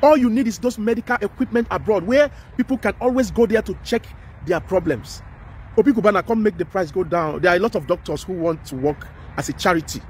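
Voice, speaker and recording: Nigerian guy, high voice, going on and on, pleading and emphatic, little street noise behind. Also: fast talker. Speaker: social commentator. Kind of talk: impassioned street commentary.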